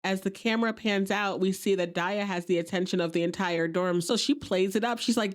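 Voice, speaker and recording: A woman's voice: medium pitch, expressive, normal speed, few pauses. A woman hosting a podcast, chatting casually as she recaps an episode and quotes characters playfully.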